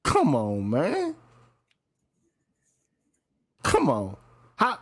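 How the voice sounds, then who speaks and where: A man's voice: a little high, huge pitch swings, takes it slowly, pauses often. A man hosting a casual commentary chat, talking in a profane, emphatic way and often repeating himself. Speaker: podcast host.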